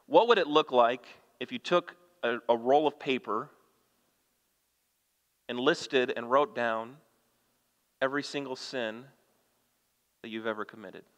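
A man's voice: mid-range voice, measured pace, pauses often, fairly bright tone, highs cut off. A man preaching a sermon as a pastor. He reads scripture aloud with rising emphasis and puts questions to the congregation. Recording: long reverb of a church hall.

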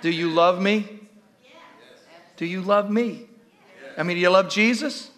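A man preaching in church with a high, bright voice. He is animated and keeps repeating questions to the congregation. The delivery is a full live sermon. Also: measured pace, pauses often. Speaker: pastor.

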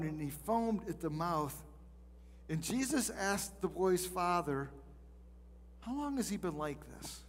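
A man's voice: high-pitched, darkish tone, in a large hall. A male pastor teaching a sermon in a conversational way, reading scripture and acting out the people in it.

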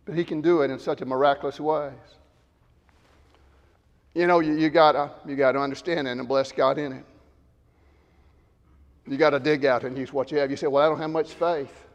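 A man preaching a sermon to a congregation, swinging from loud shouted emphasis down to low, quiet asides. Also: fairly even intonation, fairly quick, pauses often, in a large hall, lo-fi sound.

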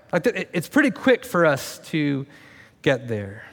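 A man's voice: fairly high pitch, huge pitch swings, unhurried. Man preaching a casual sermon in a reverberant hall. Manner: conversational and self-deprecating, with sarcastic asides. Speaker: pastor. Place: church sanctuary. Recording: long reverb of a large room.

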